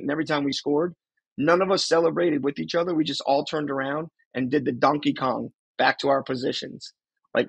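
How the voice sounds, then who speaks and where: Middle-aged man with a New Jersey accent, somewhat high, husky voice, dry close sound, rambles in a sports chat. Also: no echo, low-quality recording. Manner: rambling, repeats words. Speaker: podcast co-host.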